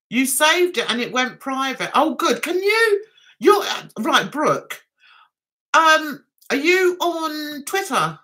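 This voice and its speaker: A woman hosts a relaxed livestream chat, giggling often and calling her viewers darling and sweetheart. Her voice sits high and swoops around brightly. She takes her time over each comment. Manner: chatty, giggly, affectionate with viewers. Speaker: livestream host.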